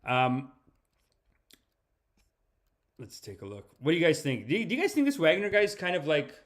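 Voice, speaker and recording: Brief: a laid-back male host cracking jokes, slightly high, very animated. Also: moderate pace. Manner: joking, profane, laughing often. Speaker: podcast host. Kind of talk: casual reaction commentary.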